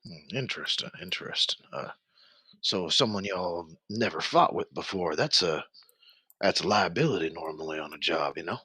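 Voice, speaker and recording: A man doing a drawling gruff mercenary gambler. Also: sits low, lively intonation, moderate pace, pushed and bright, no echo, voice pushed down, exaggerated voice. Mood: wary.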